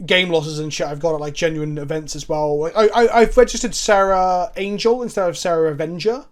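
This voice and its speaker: This card game player and co-host has a high voice and talks fairly quickly in casual gameplay chat full of anecdotes. He rambles, swears, mocks himself and often restarts his sentences.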